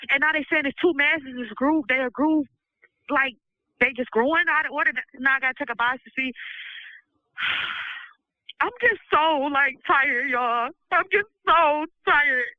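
A woman's voice: very high-pitched, dry recording. A woman speaking urgently and emotionally on a phone, with repeated fillers. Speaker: prisoner pleading for help. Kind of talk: recorded phone plea. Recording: muffled phone line.

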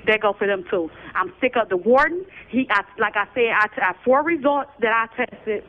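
A woman's voice: a little high, animated, fairly quick. A woman in prison calling in by phone, giving an urgent, agitated commentary with lots of repetition. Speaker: incarcerated person calling in. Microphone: prison telephone. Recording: tinny phone line.

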